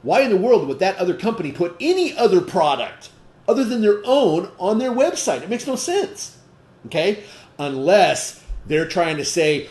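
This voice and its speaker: Animated and fairly quick, a sales trainer with a voice higher than most men's and a darkish tone runs a distributor training session. He's emphatic, hitting the room with rhetorical questions and constant "okay?" check-ins, in sound that echoes like a roomy space.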